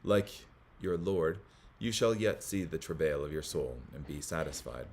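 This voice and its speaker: A man hosting a Bible study, reading commentary aloud in a measured way, with small slips that he corrects as he goes. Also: rumbling low, expressive, a little hiss or hum.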